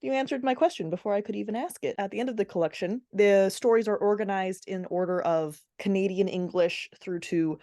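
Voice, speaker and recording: A woman's voice: mid-range voice, brisk, few pauses, mellow, no room sound, studio quality. A woman hosting a podcast interview, asking questions in a friendly, casual way. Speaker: podcast host.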